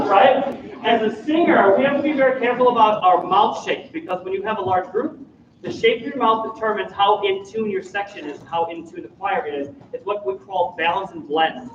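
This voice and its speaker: A man's voice: high voice, moderate pace. A man coaching a school choir in rehearsal, demonstrating how to shape words. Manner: animated, demonstrates words by speaking them. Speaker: choir clinician. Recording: echoey room, far from mic, dull, noisy.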